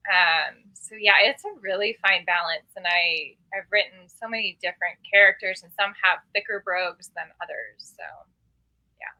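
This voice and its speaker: A woman author chatting in an interview, talkative and quick to laugh, often restarting her sentences. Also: on the low side, pushed and bright, low-quality recording. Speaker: author guest. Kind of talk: casual interview chat.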